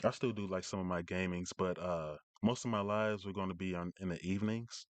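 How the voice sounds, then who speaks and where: Dude rambling on his live stream, kinda low voice, dry close mic, lots of uhs and ums. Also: a little fast, dry recording. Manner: rambling, lots of fillers and restarts. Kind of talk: casual live-stream chat.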